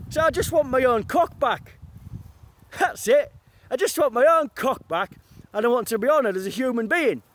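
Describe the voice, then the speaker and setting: A man's voice: extremely high pitch, animated, moderate pace, a bit bright, slight background noise. A man from northern England in a rambling, profane confessional monologue, jumping between quotes and outbursts. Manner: raw, profane, jumps between quotes and rants.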